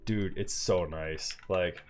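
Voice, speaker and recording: A man's voice: deep voice, steady tone, slow, darkish tone. A man chatting casually with his viewers on a live stream while he builds a keyboard at home, upbeat and slangy. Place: home room. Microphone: headset. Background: faint music from a movie playing elsewhere.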